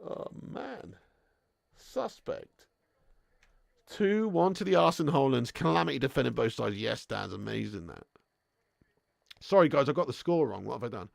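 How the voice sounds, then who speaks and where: A man's voice: medium pitch, animated, a little fast, creaky, no room sound, clean studio sound. A young man hosting a live football watch-along, bantering with his chat, swearing and laughing often.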